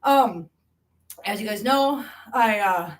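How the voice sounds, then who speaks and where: A woman's voice: mid-range voice, animated, takes it slowly, far from the mic. A woman hosting a casual livestream chat, greeting viewers by name and calling them pet names like hon and sweetie. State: out of breath. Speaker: channel host.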